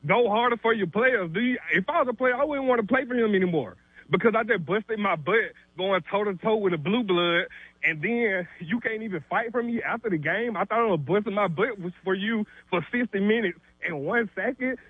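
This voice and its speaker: A man's voice: high-pitched, slightly rough, no room sound. A man calling in to a sports radio show, ranting indignantly until he is out of breath. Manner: fired-up, indignant, rapid rant. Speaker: caller. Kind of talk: ranting call-in. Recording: tinny phone line.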